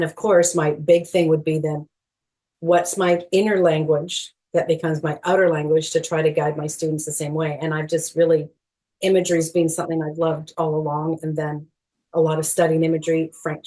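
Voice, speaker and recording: Middle-aged woman, podcast guest, low-ish pitch, earnest and animated, laughs lightly, uses lots of fillers. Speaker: guest, movement educator. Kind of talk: podcast interview.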